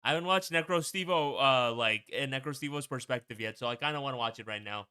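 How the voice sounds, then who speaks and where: Bright, crisp-voiced young man streaming. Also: mid-range voice, fast talker. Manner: rambling and swears often. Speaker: streamer hosting a watch party. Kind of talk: casual stream commentary.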